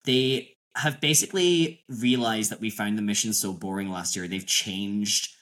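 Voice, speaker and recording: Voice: medium pitch, a little slow, fairly bright tone. A podcast co-host, chatting casually in a rambling way full of fillers and swearing. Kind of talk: casual chat.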